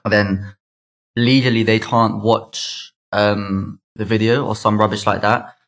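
Young London man, slangy and low-voiced. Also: flat delivery, fairly bright tone. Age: 20s. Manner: fast slangy chatter full of likes and mates. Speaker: guest. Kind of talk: casual storytelling.

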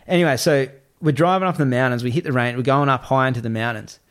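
Chatting casually, a man tells an animated travel story, performing the voices of the people in it and swearing freely. His medium-pitched voice is fast, clear and resonant.

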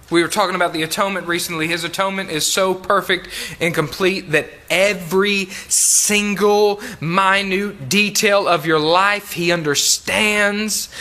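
A man preaching a sermon, reading King James scripture aloud and repeating key phrases for emphasis, sometimes dropping to a soft, low voice. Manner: reads King James verses then comments with emphatic repetition; drops to soft, low tones in tender appeals.

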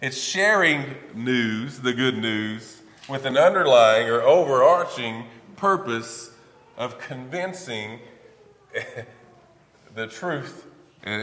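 A man preaching a sermon, animated and emphatic, often repeating and restarting phrases. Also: mid-range voice. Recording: echoey hall with long reverb.

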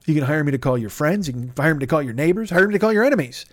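A man hosting a comedy podcast rambles into a studio microphone through a profane, self-mocking plug. His voice is a little high with lively intonation, he races along, and the recording is dry.

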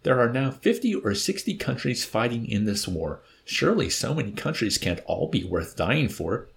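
A man's voice: mid-range voice, sing-song, normal speed, creaky, voice pushed up. A man voicing a suave, mocking villainous old man in an audiobook. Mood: wry. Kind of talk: audiobook character voice.

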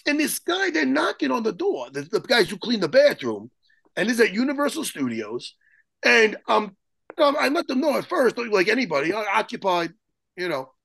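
Raspy, animated man telling a story. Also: high-pitched, normal speed, no room sound. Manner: profane, excitable, rambling with restarts. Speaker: guest. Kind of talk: animated storytelling in a podcast interview.

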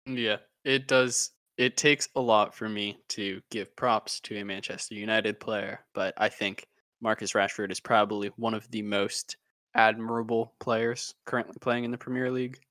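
A man's voice: fairly low pitch, little pitch movement, normal speed, pushed and bright, no room sound. A man co-hosting a casual football podcast, talking in a wry, sarcastic and blunt way. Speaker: podcast co-host.

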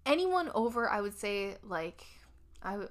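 A woman's voice: mid-range voice, very animated, measured pace. A woman in her thirties co-hosting a podcast, chatting casually and gushing with frequent giggles. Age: 30s. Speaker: podcast co-host. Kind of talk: casual chat.

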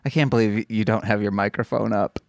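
A man's voice: lowish voice, steady tone, brisk, vocal fry, dry recording. A man co-hosting a podcast, telling rambling stories in casual chat and acting out quoted dialogue. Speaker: podcast co-host.

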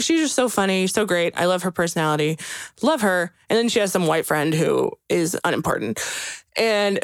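A chatty woman recaps a film in loose, animated casual talk, full of restarts and filler words. Her voice sits a little low for a woman. The sound is dry and close, with no room around it. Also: no echo. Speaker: podcast co-host recapping a film. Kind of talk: casual chat.

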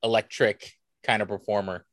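A man's voice: on the low side, little pitch movement, moderate pace, a bit bright, no echo. A man from the United States, a cosplayer guest, chatting casually and telling anecdotes with enthusiasm. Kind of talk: casual conversational storytelling.

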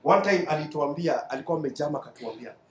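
Kenyan pastor preaching in an echoey hall. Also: male voice, fairly high pitch, racing, a little hiss or hum. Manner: mixes English and Swahili, call-and-response, acts out his mentor's lines. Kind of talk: sermon. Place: church hall.

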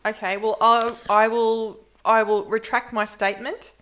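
A woman co-hosting a movie podcast in casual chat, self-deprecating and quick to apologize. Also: a little high, flat delivery, noisy background. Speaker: podcast co-host.

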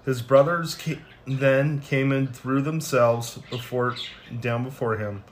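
A man reading scripture passages aloud in plain, unhurried reading with small stumbles, then closing in prayer. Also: medium pitch, steady tone, a little hiss or hum. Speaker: scripture reader.

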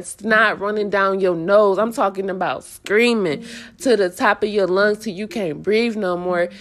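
Emphatic woman preaching her own story. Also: a little high. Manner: emphatic and preachy, with laughs and repeated phrases; informal dialect grammar. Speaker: vlogger sharing her personal story. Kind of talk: casual monologue to camera.

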